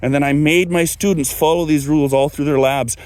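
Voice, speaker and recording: A man's voice: fairly even intonation, brisk, darkish tone, no echo. A middle-aged man from Canada telling stories in a loose, digressive way, full of fillers and restarts, lifting his voice when he acts out what people said. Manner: acts out quoted dialogue with raised pitch. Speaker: guest speaker, former electrical instructor. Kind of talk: casual storytelling talk.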